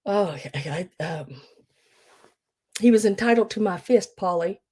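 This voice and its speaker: A woman's voice: mid-range voice, animated, measured pace, dark tone, breathy edge. A woman hosting a live online sale, telling rambling, chatty stories full of fillers. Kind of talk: casual live-sale chat.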